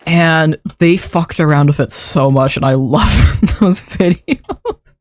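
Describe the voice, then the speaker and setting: A young adult streamer rambles loosely through a building session in a game, laughing a lot and swearing casually in livestream chat. The voice is middling in pitch and the pace is slow. It's recorded close on a desk mic, dry, with no room echo.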